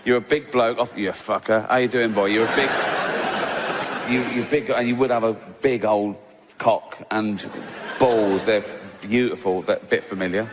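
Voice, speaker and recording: A man's voice: fairly low pitch, steady tone, moderate pace, background noise, voice pushed down, close to an everyday voice. Crude back-slapping english doctor bloke, man putting it on, big laughs in the room. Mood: matey. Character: boisterous matey male doctor, loud and crude. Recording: loud audience laughter behind.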